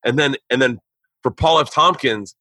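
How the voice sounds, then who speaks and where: Bright-voiced man telling a story. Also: medium pitch, normal speed, no room sound, low-quality recording. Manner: animated, profane storytelling with frequent restarts. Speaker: podcast host. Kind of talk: casual storytelling chat. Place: indoor home studio.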